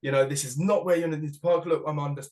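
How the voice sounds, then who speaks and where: A man imitating a strict, indignant Welsh male festival organizer, with a Welsh accent, noticeably higher than his own voice. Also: fairly even intonation, fast talker, a little mellow, natural voice.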